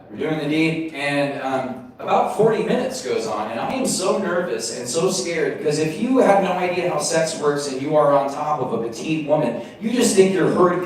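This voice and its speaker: A young man telling a self-mocking stand-up story at an open mic, jumping into high put-on voices for the people in it. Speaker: stand-up comedian. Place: small comedy venue. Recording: echoey room mic from a distance.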